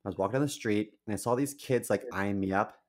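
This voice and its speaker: A man co-hosting a podcast, telling stories in a casual chat, animated, blunt and crude. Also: lowish voice, fast talker. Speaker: podcast co-host.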